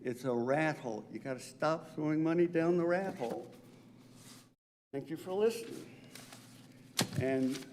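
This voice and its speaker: A man's voice: fairly high pitch, measured pace, long pauses, a little mellow. Indignant man in a reverberant council hall. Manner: indignant, sarcastic, mocking voices of officials. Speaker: resident speaking at public comment. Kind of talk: public comment at a council meeting. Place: council chamber. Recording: meeting hall mic with long reverb and faint noise.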